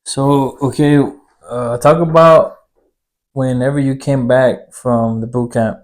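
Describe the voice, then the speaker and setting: A man's voice: medium pitch, fairly even intonation, takes it slowly. A man hosting a podcast, asking the guest searching questions and reworking them as he speaks. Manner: searching, rephrases questions as he goes. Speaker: podcast host. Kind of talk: interview questions.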